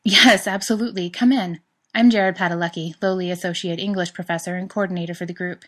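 A woman's voice: on the low side, fairly even intonation, fast, a bit bright. Woman voicing a wisecracking male professor. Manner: teasing, wisecracking. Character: playful joking male English professor.

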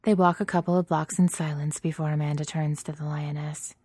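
A woman narrating a story in a steady, even reading voice. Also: sits low, a little fast, breathy edge, no echo, studio quality.

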